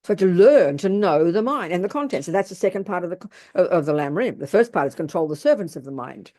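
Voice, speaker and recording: A woman's voice: lowish voice, animated, quick pace, mellow. A woman giving a Buddhist teaching to an audience, blunt, emphatic and colloquial. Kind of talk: Dharma talk to an audience.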